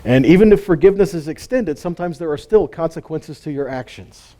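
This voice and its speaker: A man's voice: a little high, lively intonation, a little fast, dark tone. A man giving an informal sermon teaching, conversational and full of rhetorical questions and chuckling asides. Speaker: Bible teacher.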